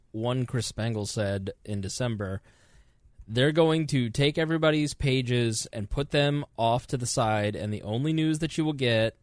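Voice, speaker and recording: A man's voice: mid-range voice, no room sound, clean studio sound. A man hosting a podcast, chatting casually and teasing his co-host before the show. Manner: teasing, animated, laughs often. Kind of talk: casual pre-show banter.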